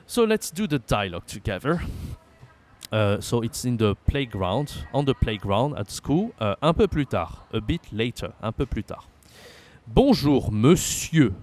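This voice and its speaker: Man teaching with lively pitch. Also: moderate pace. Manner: explains patiently, reads example lines aloud with lifted emphasis. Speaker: French teacher. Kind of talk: language lesson.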